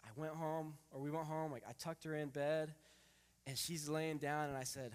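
A man in his thirties preaching a sermon, reading scripture and telling a family story in a lively, animated way. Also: on the high side, normal speed, clear, resonant tone. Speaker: pastor. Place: church hall. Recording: long hall reverb.

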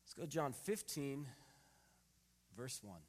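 A man in his thirties preaching a sermon, reading scripture and telling a family story in a lively, animated way. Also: mid-range voice, slow, slight background noise. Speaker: pastor. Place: church hall. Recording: long hall reverb.

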